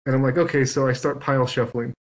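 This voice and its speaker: A man's voice: medium pitch, steady tone, fast, low-quality recording. A man on a podcast telling a long story in casual chat, acting out both sides of it. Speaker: guest.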